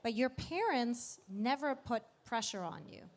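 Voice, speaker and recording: A woman's voice: on the high side, animated, measured pace, a little hiss or hum. A woman interviewing her guest on stage, building up her questions in steps.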